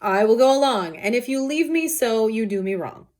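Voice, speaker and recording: A woman's voice: fairly high pitch, lively intonation, normal speed, a little mellow, voice pushed up, lightly acted. A woman reading the lines of a patient, teasing young male cousin in old verse. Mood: coaxing.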